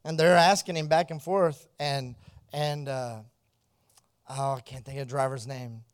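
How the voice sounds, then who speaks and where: A man telling a mission story as a testimony. He laughs often, acts out the dialogue and drops to a hushed, earnest tone when it turns serious. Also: medium pitch, fairly even intonation, unhurried, dry recording, studio quality.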